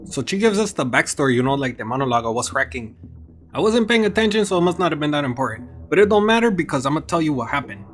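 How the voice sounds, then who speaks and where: A man's voice: on the high side, big pitch swings, quick pace. A man doing a comedic anime episode recap, mixing in Spanish slang and playful put-on voices.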